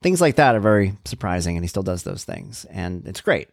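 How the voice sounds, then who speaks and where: A man's voice: sits low, big pitch swings, fairly quick, creaky, no room sound, studio quality. A man in his forties hosting a podcast, talking in a loose, rambling way with lots of "you know" asides. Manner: chatty, rambling, self-interrupting with "you know". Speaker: podcast host and blogger. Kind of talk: casual personal podcast monologue.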